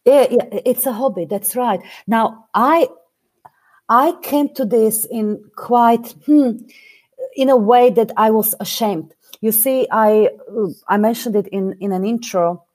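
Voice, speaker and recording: A woman's voice: a little high, slow pace, a little mellow. A woman speaking English with a foreign accent, a business coach giving emphatic interview answers point by point. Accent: non-native English accent. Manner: emphatic, builds points in numbered steps.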